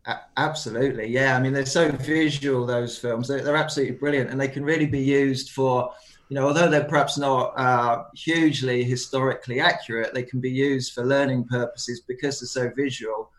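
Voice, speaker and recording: A man with a mid-pitched voice, talking as a guest on a radio interview. He explains with enthusiasm and keeps softening his points with small hedges. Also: steady tone, brisk. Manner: enthusiastic, hedging with "I guess". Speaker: education guest.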